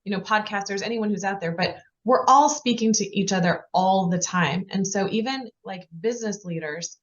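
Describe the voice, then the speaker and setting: A woman hosts a podcast interview and keeps things moving with encouraging responses and long run-on sentences. Her voice has an average pitch for a woman. The recording sounds slightly dull and lo-fi. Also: normal speed. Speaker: podcast host. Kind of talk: casual interview chat.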